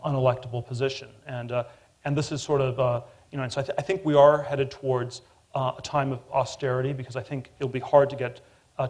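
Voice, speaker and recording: A middle-aged man speaking as a guest at a public forum, halting with many fillers and repeated restarts. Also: mid-range voice, a little mellow. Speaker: panel guest.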